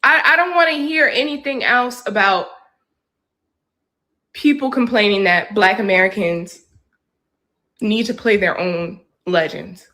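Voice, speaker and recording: A woman's voice: medium pitch, unhurried, pauses often, sharp tone. A woman giving indignant, argumentative commentary to camera, full of rhetorical questions. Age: adult. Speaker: social media commentator.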